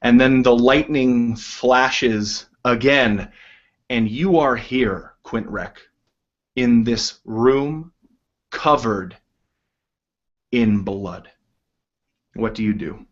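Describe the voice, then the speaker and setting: Unhurried male game master setting scenes, low-fidelity sound. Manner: measured, descriptive. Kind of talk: narrating a tabletop game. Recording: dull lo-fi.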